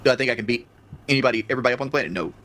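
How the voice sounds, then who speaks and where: Male streamer, mid-pitched, rapid-fire, full of grievances. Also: a bit bright, a little hiss or hum. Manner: complaining, listing grievances, restarts. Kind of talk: casual stream talk.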